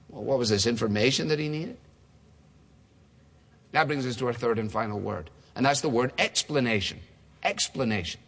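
Male preacher, conversational sermon, mid pitch, reverberant church hall. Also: normal speed, long pauses, fairly bright tone. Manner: conversational, acts out dialogue voices.

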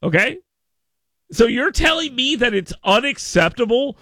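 A high-pitched male radio host with a gravelly edge and a bright, sharp tone. He rambles in an animated way, stammering and restarting his sentences. The studio sound is dry and close. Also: measured pace, no room sound. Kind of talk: casual talk radio banter.

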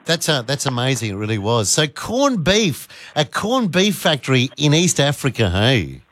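A man's voice: medium pitch, very animated, normal speed, a bit bright, dry recording. A man hosting talkback radio, chatting with callers in a cheeky, jokey way. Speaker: radio host. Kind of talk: casual talkback radio chat.

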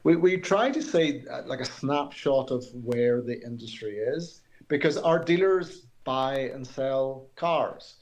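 A man's voice: mid-range voice, animated, slow pace, few pauses, a little mellow. A man, a company executive, answering radio interview questions earnestly with frequent restarts. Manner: hesitant restarts, earnest explaining.

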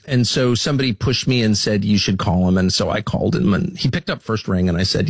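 An American man speaking as an interview guest, emphatic and indignant, with frequent restarts and sharp rises in pitch. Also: fairly quick, hardly any pauses, slightly rough, no room sound. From United States. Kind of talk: heated conversational interview.

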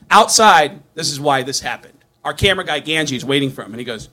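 A man telling a comic story on stage, animated and swearing, laughing through his lines. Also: fairly high pitch, rapid-fire, few pauses. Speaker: stand-up comedian. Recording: live show with audience crowd.

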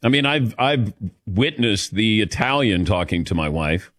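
A middle-aged man from the Midwest hosts sports talk radio with an animated, swinging delivery. He tells stories and banters with his co-hosts, laughing easily. The sound is dry and close. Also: lowish voice, measured pace, no room sound. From American Midwest. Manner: chatty storyteller, laughs easily, calls on co-hosts by name. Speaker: radio show host.

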